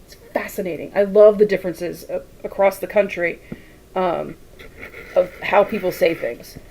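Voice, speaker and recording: A woman's voice: fairly low pitch, normal speed, a little mellow, slight background noise, rough recording. A woman hosting a quilting livestream, chatting casually and rambling while she sews, reading viewer comments aloud and laughing often. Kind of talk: casual chat while sewing.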